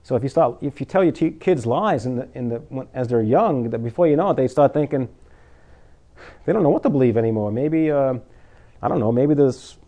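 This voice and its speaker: A man with a medium-pitched voice preaching to his congregation in a loose, chatty way. He throws out rhetorical questions and sometimes laughs at his own jokes, then slows down to read scripture. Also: animated, mellow. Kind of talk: informal sermon.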